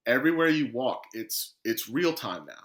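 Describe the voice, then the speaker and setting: A man's voice: medium pitch, big pitch swings, moderate pace, fairly bright tone. A man, a professional footballer, telling his career story as a guest on a podcast and acting out the conversations he quotes.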